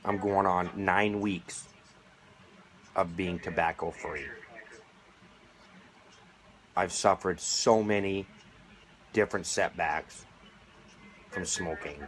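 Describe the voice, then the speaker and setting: A man's voice: sits low, steady tone, slow pace, pauses often, a bit bright, slight background noise. A middle-aged man speaking straight to camera, sarcastic and indignant, making a plea as a vaping advocate. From United States. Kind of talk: direct-to-camera appeal.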